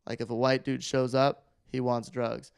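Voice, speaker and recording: A man on a podcast telling a story in a loose, animated way, full of filler words. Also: medium pitch, normal speed, vocal fry, clean tone, no room sound, studio quality. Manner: animated, rambling, heavy use of filler words. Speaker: podcast guest. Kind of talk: casual storytelling.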